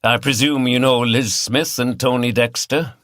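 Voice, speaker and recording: A man's voice: mid-range voice, fairly even intonation, a little slow, a bit bright, no echo, clean studio sound, pitched above the performer's own voice, natural voice. A man reading the part of a male chief inspector who is courteous, firm and direct. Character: polite, persistent male police chief inspector.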